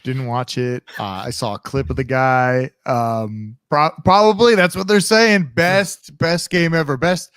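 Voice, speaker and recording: An easygoing man on a sports podcast who hesitates and fills his sentences with ums. His mid-pitched voice is recorded dry and close, with no room sound. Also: fairly even intonation, a little slow, hardly any pauses, fairly bright tone, smooth, no echo. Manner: easygoing, hesitant, many fillers. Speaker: podcast co-host. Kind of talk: casual sports chat.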